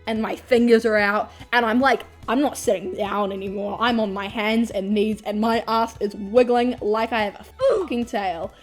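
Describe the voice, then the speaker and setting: A young woman tells a storytime vlog, animated, laughing often and swearing freely. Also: mid-range voice, normal speed, faint music behind. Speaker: vlogger.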